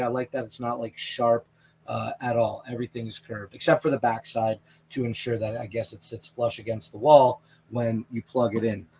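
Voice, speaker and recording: Brief: man, Canadian accent, mid-pitched, casual rambling live-stream host in a camper. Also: slight background noise. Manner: chatty and rambling, answers viewer questions. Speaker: livestream product reviewer. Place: inside a small camper trailer.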